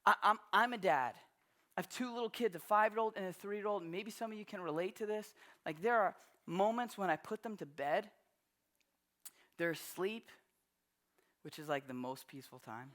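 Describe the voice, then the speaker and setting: A man's voice: high voice, moderate pace, a bit bright. Pastor, man in his 30s from Long Island, casual storytelling sermon, often restarts his sentences. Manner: conversational, storytelling, frequent restarts.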